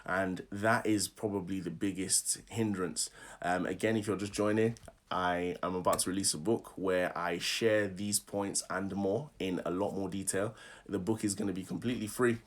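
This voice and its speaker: Energetic male speaking coach. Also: low voice, moderate pace. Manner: energetic, laughs often, coaxes listeners to repeat affirmations. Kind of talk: live online workshop talk.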